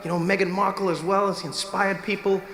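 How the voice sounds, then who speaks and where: A man with a South African accent performing an animated stand-up comedy set at a live venue, often slipping into character voices. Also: high voice, fairly quick. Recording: noisy live room recording, some echo.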